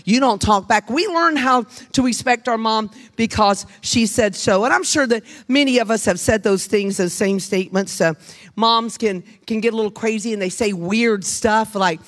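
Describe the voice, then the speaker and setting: Folksy woman preaching with animated humor. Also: fairly high pitch, moderate pace. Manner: animated, chatty, folksy, addresses the room with questions. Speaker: pastor's wife preaching to a congregation. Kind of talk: humorous storytelling sermon. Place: church sanctuary with a live congregation.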